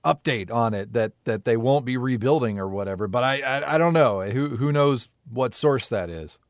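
A man's voice: medium pitch, normal speed, no room sound, clean studio sound. A man hosting a podcast, talking in a chatty, enthusiastic and rambling way. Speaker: podcast host. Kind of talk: casual podcast talk.

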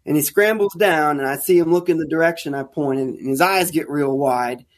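A man telling a caving story as a podcast guest, casual and animated, acting out the lines of people in it. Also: fairly high pitch, fairly quick. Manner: animated, acts out quoted dialogue. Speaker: guest, caver.

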